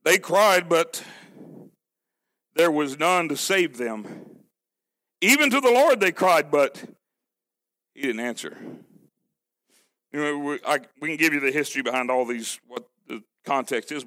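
A man preaching a sermon, emphatic and full of rhetorical questions, sometimes sinking low and quiet to drive a point home.

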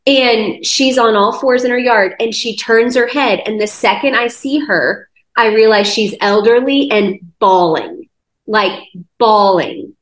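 A woman, a guest on a faith podcast, telling a personal testimony in a lively conversational way, with many "like" fillers. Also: on the high side, a little slow. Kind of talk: conversational storytelling. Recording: roomy echo.

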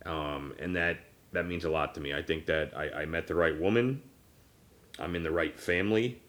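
Deep-voiced man in his thirties, halting. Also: fairly bright tone. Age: 30s. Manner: rambling, halting with many fillers and restarts. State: choked up. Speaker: podcast host. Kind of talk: casual personal conversation.

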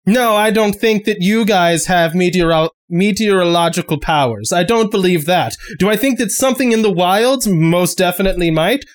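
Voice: medium pitch, normal speed, few pauses, natural voice. A game master voicing an exasperated, sarcastic male town sheriff who keeps repeating himself.

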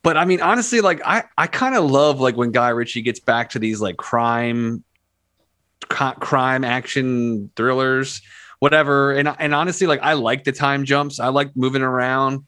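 A man's voice: mid-range voice, moderate pace, bright, forceful tone, no room sound, clean studio sound. A man defending a film he enjoyed in a casual panel chat, enthusiastic and stammering through restarts. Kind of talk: casual podcast discussion.

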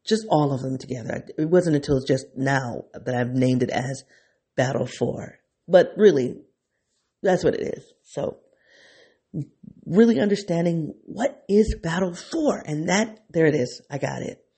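A man talks through his thoughts on his own podcast, unscripted and excitable, often restarting and circling back. His voice sits a bit high for a man, yet it is mellow and dark in tone, with a husky, gravelly texture. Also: a little slow. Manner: thinking aloud, excitable, circling back on himself. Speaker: podcast host. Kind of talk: unscripted reflective monologue.

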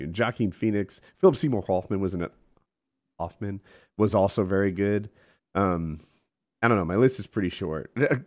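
A man with a low voice in casual chat, his pitch swinging widely as he talks. He is animated, swears and laughs often.

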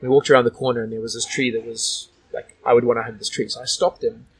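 A man's voice: medium pitch, flat delivery, fast, slightly rough, poor audio. A man from Australia telling stories as a guest in a casual interview, rambling with lots of "like" and "you know".

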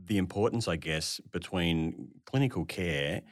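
A man's voice: deep voice, unhurried, dry recording, studio quality. A man hosting a conversational interview podcast, affirming his guest and talking with frequent restarts. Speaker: podcast host.

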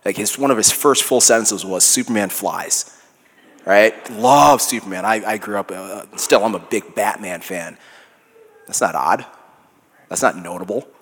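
A man's voice: on the low side, normal speed, a bit bright. A man with a Minnesota accent, in his thirties, talking in an easygoing, reflective way as a guest before an audience and acting out quotes. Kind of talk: conversational interview before an audience. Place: large hall with congregation. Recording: hall reverb.

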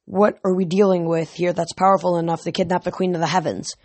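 A blunt, gruff teenage girl, voiced by an audiobook reader. The sound is dry and close. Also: mid-range voice, little pitch movement, fast, dry recording, lightly acted. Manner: blunt, growling. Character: gruff teen girl from a forge cabin.

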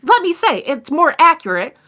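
A woman's voice: high voice, very animated, normal speed, a bit bright, voice pushed up. A woman voicing an insistent young female fan who lectures others in a tabletop game. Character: young woman, stubborn know-it-all fan.

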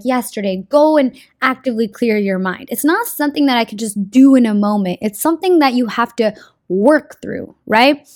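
A young woman gives casual spiritual advice in a slangy, earnest way, swearing freely. Her voice sits a little high. The sound is dry and close, with no room echo. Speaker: card reading vlogger.

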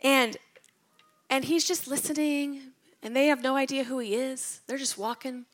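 A woman's voice: high-pitched, steady tone, unhurried, long pauses. A woman retelling Bible stories in a casual devotional talk. She tells them with animation and drops to a whisper at tender moments. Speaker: Bible teacher.

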